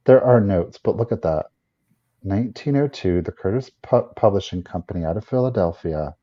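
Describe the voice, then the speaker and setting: A man's voice: on the low side, lively intonation, normal speed, long pauses, dull audio. A man hosting a live vintage sale, chatting enthusiastically as he shows items and runs the bidding. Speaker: live auction seller.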